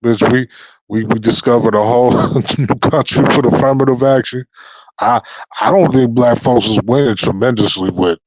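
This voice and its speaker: A man's voice: mid-range voice, moderate pace, no room sound, low-quality recording. A young man giving an unscripted freestyle rant on his channel, profane and confrontational, often repeating and restarting his words. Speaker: YouTuber.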